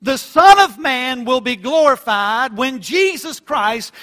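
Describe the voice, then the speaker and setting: A man preaching a sermon in church, emphatic and surging loud on key phrases, stretching out quoted scripture slowly. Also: extremely high pitch, animated. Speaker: pastor.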